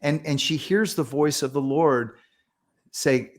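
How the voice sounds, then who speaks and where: A man's voice: on the high side, takes it slowly. A man, a pastor and author as a podcast guest, retelling accounts earnestly and acting out the voices of the people in them. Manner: earnest, animated retelling with quoted dialogue. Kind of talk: storytelling in a podcast interview.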